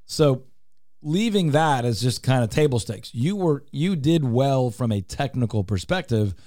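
A man's voice: mid-range voice, lively intonation, measured pace, mellow, no echo. A man hosting a radio show in a studio, talking in an upbeat, teasing, salesy way. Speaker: radio show host and real estate team leader. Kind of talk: casual radio talk.

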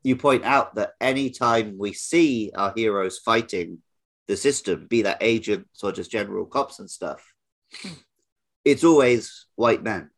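A man hosting a casual podcast discussion, making points in a relaxed way with frequent fillers. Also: lowish voice, a little slow. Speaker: podcast host.

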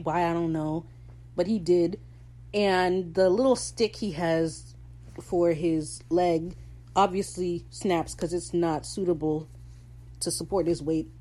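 Excitable low-voiced young woman recapping. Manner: excitable, swears freely, laughs often. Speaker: show recap host. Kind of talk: casual episode recap.

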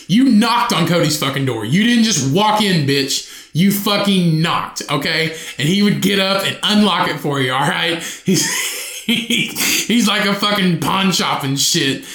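A young man hosting a solo podcast, telling college stories in a loud, profane, laughing way. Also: high voice, roomy sound. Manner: profane, laughing often, animated storytelling. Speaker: podcast host. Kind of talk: casual solo podcast storytelling.

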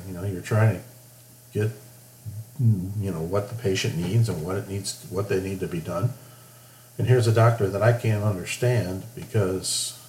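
Middle-aged guy ranting plainspoken, lowish voice, echoey room w/ faint hum. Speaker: podcast host, former medical worker. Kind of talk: casual podcast monologue.

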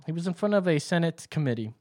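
A man's voice: fairly high pitch, lively intonation, fast talker, warm tone. A man hosting a call-in show, chatting casually in a rambling, profane way and laughing often.

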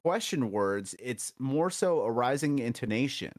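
Slow, lively-voiced man co-hosting a lesson. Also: medium pitch. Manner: relaxed, laughs often, repeats example phrases. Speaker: co-host. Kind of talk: casual language lesson podcast.

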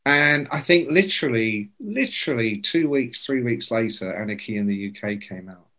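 A man's voice: medium pitch, moderate pace. A man in his sixties telling rambling, sweary anecdotes in casual conversation and acting out the people he quotes. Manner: animated, sweary, acts out quoted voices. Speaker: guest. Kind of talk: casual storytelling.

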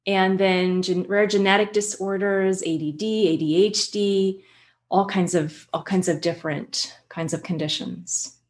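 A woman guest who works with children, explaining her work in an animated way and telling stories. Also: medium pitch, a little slow. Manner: animated storyteller, acts out quotes. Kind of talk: conversational explanation with anecdotes.

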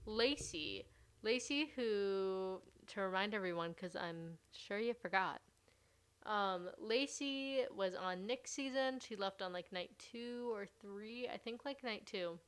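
A woman's voice: mid-range voice, slow, a bit bright, smooth. A young woman hosting a podcast, chatting casually and gushing as she recaps a reality show, with "like" in nearly every sentence. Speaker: podcast host.

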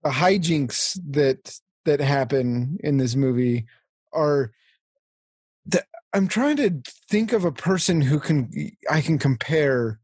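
An upbeat man with a raspy voice, pitched a bit high, recounts favorite scenes in a casual chat. The sound is dry and close to the mic. He speaks with steady enthusiasm. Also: slow, no echo. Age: adult. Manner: enthusiastic, breaks into laughter while recounting scenes. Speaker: podcast co-host. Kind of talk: casual chat about a film.

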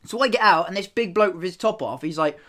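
A man's voice: high voice, fast. A young man, telling a rambling, sweary story in casual chat and acting out the people in it. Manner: swearing, animated, acts out the people he quotes.

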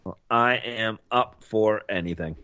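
A man co-hosting a casual podcast chat, animated and quick to laugh. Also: lowish voice, clear, resonant tone, no echo. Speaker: podcast co-host. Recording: dull lo-fi mic.

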